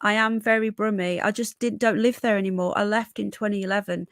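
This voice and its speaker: A woman's voice: mid-range voice, fairly even intonation, brisk, no room sound, clean studio sound. A woman from Birmingham with a toned-down Brummie accent touched by Yorkshire, chatting casually as a livestream host and reading out viewer comments. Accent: toned-down Birmingham with a bit of Yorkshire. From Birmingham, England. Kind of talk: casual live-stream chat reading comments.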